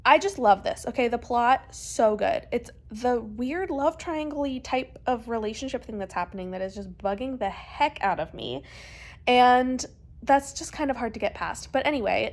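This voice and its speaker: A young woman talking casually in a book vlog, her voice sitting a little high. She sounds animated and exasperated and leans on "like" a lot. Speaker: book vlogger.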